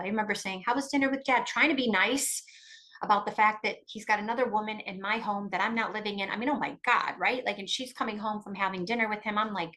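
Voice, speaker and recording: A middle-aged woman speaking as an interview guest, pressing her points with emphasis and restarting sentences as she goes. Her voice sits at a mid pitch for a woman, neither high nor low. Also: bright, forceful tone, low-quality recording. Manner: emphatic, fast-flowing, with restarts. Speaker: guest expert on coparenting. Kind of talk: podcast interview, advice.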